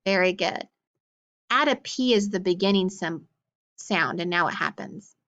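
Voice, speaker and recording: A woman teaching a phonics lesson, slowly sounding out words and praising often. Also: lowish voice, a bit bright, dull audio. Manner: encouraging, slow sounding-out of words.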